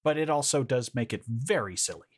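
Male podcast co-host, expressive and dry-witted, recapping a film. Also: mid-range voice, fairly quick, slightly rough. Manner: lively, sardonic, laughs often. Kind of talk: casual movie-recap chat.

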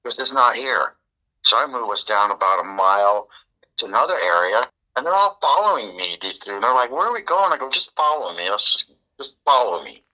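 A man, a podcast guest, telling a story in a casual, animated way and acting out the dialogue. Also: fairly low pitch, a little fast, muffled recording. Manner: animated, acts out quoted dialogue.

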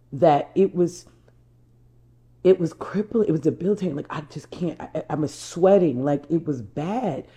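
A woman from New Jersey speaks as a life coach with a low, mellow voice. She tells a personal story straight to her viewers, stressing her points and circling back over her words. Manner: emphatic, repeats herself, addresses viewers as y'all.

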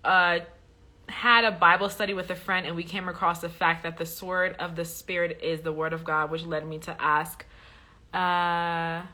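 A woman's voice: on the low side, bright, forceful tone. A woman hosting a faith livestream, teaching casually with lots of fillers and a repeated "okay?" as she answers viewer questions. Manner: chatty, many fillers, preachy emphasis with repeated "okay?".

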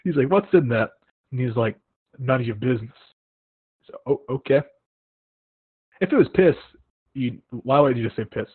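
Husky young man telling stories on a tinny line. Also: mid-range voice, moderate pace, long pauses, no room sound. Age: young adult. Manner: animated storytelling with acted-out quotes. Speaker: podcast host. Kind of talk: casual chat. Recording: tinny phone-like line, dry.

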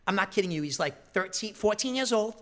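Animated, profane storytelling man. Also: high voice, a little fast. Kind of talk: casual storytelling chat.

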